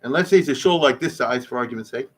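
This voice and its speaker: Rabbi lecturing with Hebrew and Yiddish terms. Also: male voice, medium pitch, fast, a bit bright. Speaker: rabbi teaching history. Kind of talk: informal lecture.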